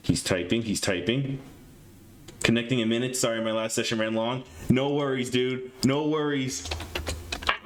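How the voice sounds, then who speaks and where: A young man hosting a live stream in casual chat, nervous and excitable, stammering and rambling. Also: mid-range voice, moderate pace, slight background noise. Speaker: streamer host.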